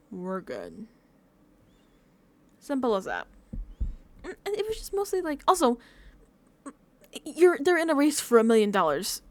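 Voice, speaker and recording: A woman vlogging casual reaction commentary, rambling and repeating herself with lots of fillers. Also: fairly high pitch. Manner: chatty, self-deprecating. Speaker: recap vlogger.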